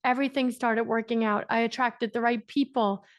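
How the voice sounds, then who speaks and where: A woman's voice: fairly high pitch, fairly even intonation, moderate pace, no echo, clean studio sound. An Irish woman giving an emphatic, repetitive motivational talk to a group on a coaching call, laughing often. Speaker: business coach.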